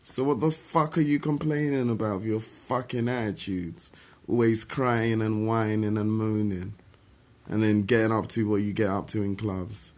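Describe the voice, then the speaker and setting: A man's voice: lowish voice, unhurried, a little mellow. A young man delivering a sarcastic, confrontational spoken-word monologue straight at his listeners. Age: young adult. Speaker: rapper.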